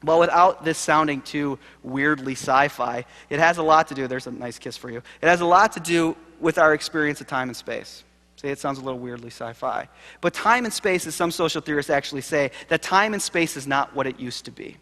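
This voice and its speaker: A man, giving a conference keynote as a seminary professor in an animated, conversational storytelling manner. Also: on the high side, brisk. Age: late 30s. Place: large lecture hall. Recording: live hall recording with reverb.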